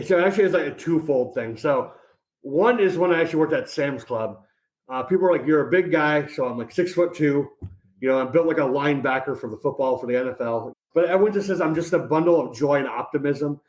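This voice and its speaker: Upbeat fast-talking man, echoey room. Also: on the high side. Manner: energetic, upbeat storyteller with many fillers. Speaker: podcast guest, college advisor. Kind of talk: casual interview chat. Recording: roomy echoey sound.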